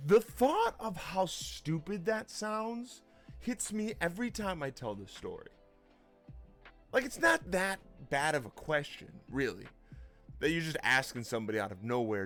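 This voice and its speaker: An animated man tells a personal story to his audience and acts out each exchange. His voice sits fairly high and leaps across a wide range, with faint music playing beneath him. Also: moderate pace. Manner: animated, self-conscious, acts out dialogue. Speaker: storyteller, channel host.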